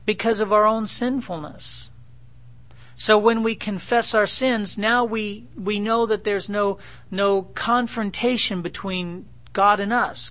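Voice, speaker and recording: A man's voice: high voice, a bit bright. A middle-aged man preaching a sermon in a conversational, joking way, acting out his own dialogue with God. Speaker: pastor.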